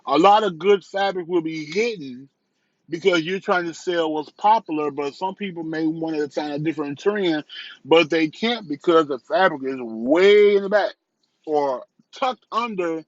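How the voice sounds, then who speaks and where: A man with a slightly high voice talks through a casual vlog review, circling back and repeating himself as he goes. He is from the south suburbs of Chicago. The recording is dry and a bit muffled. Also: measured pace, no echo. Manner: candid, rambling, repeats phrases, restarts often. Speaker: vlogger and entrepreneur.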